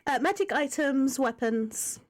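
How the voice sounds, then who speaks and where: A woman running a tabletop game as game master, halting as she speaks, with many fillers and restarts. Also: high voice, expressive.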